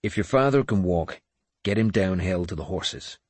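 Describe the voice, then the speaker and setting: A man voicing a gruff warrior captain in an audiobook, snarling blunt orders. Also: sits low, expressive, normal speed, darkish tone, no echo. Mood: gruff, commanding. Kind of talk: audiobook character voice.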